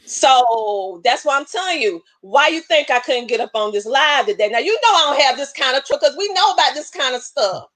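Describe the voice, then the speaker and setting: Woman host, preacherly and emotional, high-ish voice, dry sound. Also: lively intonation, moderate pace, hardly any pauses, a bit bright, no room sound. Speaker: show host. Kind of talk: live online show chat.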